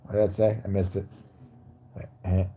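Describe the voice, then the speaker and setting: A man's voice: sits low, little pitch movement, moderate pace, dark tone, a little hiss or hum. A man chatting casually on a livestream, crude and joking as he reacts to the chat. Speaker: live streamer.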